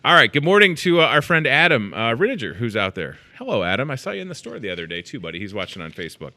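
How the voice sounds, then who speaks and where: Jokey bright-voiced man hosting in a store. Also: mid-range voice, sing-song, quick pace. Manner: jokey, rambling, self-deprecating. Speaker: in-store show host. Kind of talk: casual live show chat. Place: inside a grocery store.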